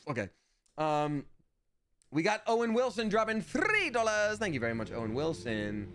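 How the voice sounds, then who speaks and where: A man's voice: high voice, very animated, drawn-out words, pauses often, a bit bright. A man in his thirties chatting casually while playing a video game live, reading chat aloud and slipping into playful voices.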